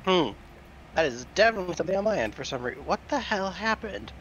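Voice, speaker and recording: A man's voice: sits high, big pitch swings, fast, a bit bright, lo-fi sound, slight background noise. Dry-witted man co-playing a game. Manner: dry, teasing remarks. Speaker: co-player. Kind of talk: casual chat while gaming.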